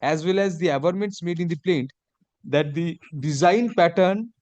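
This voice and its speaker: Judge, man, dictates orders slowly with spoken punctuation, higher voice, dry close sound. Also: a little mellow, dry recording. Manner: measured dictation, reads punctuation aloud. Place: courtroom.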